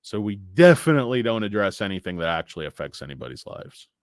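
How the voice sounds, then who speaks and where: A fast-talking man with a low-leaning voice and big pitch swings hosts a stock market show in the style of a casual livestream rant. His opinions are blunt and profane, his asides rambling and filler-heavy, and the audio is studio quality without room sound.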